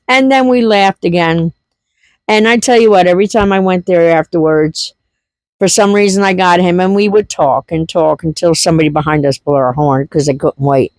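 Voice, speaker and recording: A woman's voice: mid-range voice, fairly even intonation, moderate pace, darkish tone, no echo. A woman telling a funny family story in a casual, laughing, folksy way. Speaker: homesteading vlogger.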